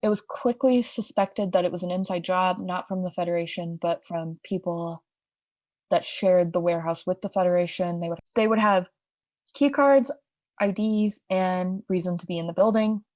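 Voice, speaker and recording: A woman's voice: fairly low pitch, normal speed, a little mellow, no echo, clean studio sound. A young woman co-hosting a podcast, telling a crime story in a casual, chatty way with asides and restarts. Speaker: podcast co-host.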